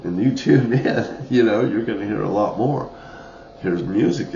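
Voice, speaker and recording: A man's voice: fairly low pitch, measured pace, gravelly, mellow, slight background noise. A man in an angry, rambling monologue, swearing often and laughing now and then. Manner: profane, ranting, with short laughs. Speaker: vlogger. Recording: dull, roomy lo-fi recording.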